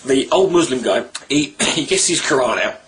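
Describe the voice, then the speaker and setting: A man telling a story in a casual vlog monologue, animated, rambling and swearing freely. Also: medium pitch, normal speed, a little hiss or hum. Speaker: vlogger.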